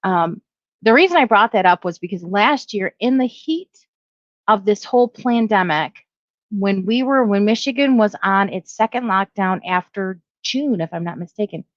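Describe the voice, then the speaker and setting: A woman's voice: medium pitch, animated, normal speed, no room sound, dull audio. A middle-aged woman giving casual opinion commentary, rambling, correcting herself and reading headlines aloud. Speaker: video blogger.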